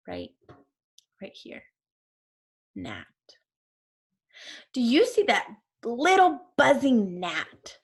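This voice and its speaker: Lady teacher reading a story to kids, slow and bouncy, stops to explain words. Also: fairly high pitch, expressive, a bit bright. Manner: explains words, asks questions, pauses. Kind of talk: reading a storybook aloud to a class.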